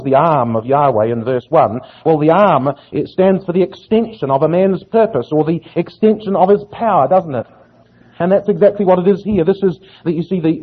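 Earnest preacher, high husky voice, sermon, tinny lo-fi recording. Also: male voice. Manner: earnest, asks rhetorical questions. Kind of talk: sermon, Bible exposition. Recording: tinny phone-like audio.

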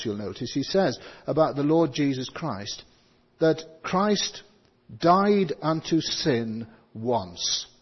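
A man preaching a sermon, reading scripture and slowing down to stress key words. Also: mid-range voice, husky. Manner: stresses words, slows for emphasis. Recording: dull sound with long hall reverb.

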